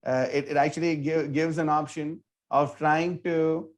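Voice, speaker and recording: A man who leads a temple's book distribution team tells a story in a casual interview, talking in an animated way, full of "like" and "you know". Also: on the high side, a little slow. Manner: animated, filler-heavy, with many "like" and "you know".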